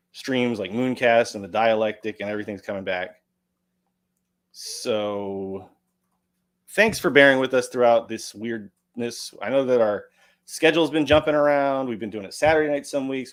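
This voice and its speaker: An American man hosting a livestream, chatting casually and jokingly as he reads out donations. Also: mid-range voice. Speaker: livestream host. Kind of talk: casual chat, reading donations.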